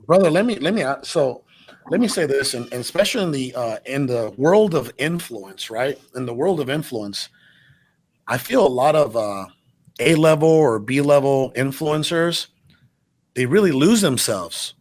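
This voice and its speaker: A man's voice: medium pitch, animated, moderate pace, a little mellow. A man hosting an interview, asking probing questions with enthusiasm. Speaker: host. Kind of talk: interview conversation.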